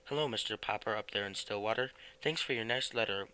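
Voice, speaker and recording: A man voicing a male polar expedition admiral broadcasting over the radio in a storybook, slow and announcing. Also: fairly low pitch, bright, forceful tone, smooth, rough recording.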